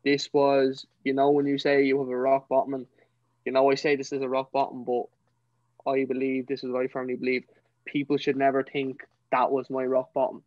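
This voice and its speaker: An earnest young man with a Dublin Irish accent, recounting his own story as a podcast guest. His voice stays fairly level in pitch as he speaks with feeling, leaning on "you know" between thoughts. The sound is dry and a little dull and lo-fi. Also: monotone, fairly quick, no room sound. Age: young adult. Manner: earnest, emotional, fills talk with "you know". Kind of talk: personal storytelling.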